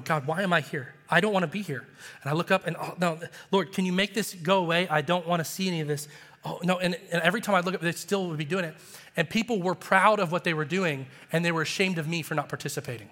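A man preaching a sermon as pastor, passionate and animated, with rising emphasis. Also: high-pitched. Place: church sanctuary. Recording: long hall reverb.

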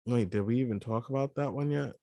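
A man co-hosting a podcast in casual chat, hesitant and full of restarts, talking in quick bursts. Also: mid-range voice, gravelly, mellow, dry recording. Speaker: podcast co-host.

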